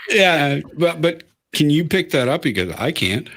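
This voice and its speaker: Animated male podcast host. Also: on the high side, moderate pace. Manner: animated, reads super chats. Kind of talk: casual podcast chat.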